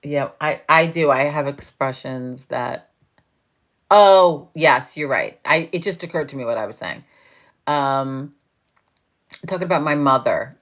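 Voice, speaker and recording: A woman's voice: rumbling low, lively intonation, a little slow. A woman in her fifties, from New York, chatting casually with viewers on a livestream, laughing often and swearing freely. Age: 50s. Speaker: livestream host.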